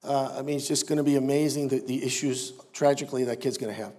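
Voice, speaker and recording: A man's voice: medium pitch, steady tone, fast, dark tone. An older man preaching a sermon as pastor, emphatic with wry asides.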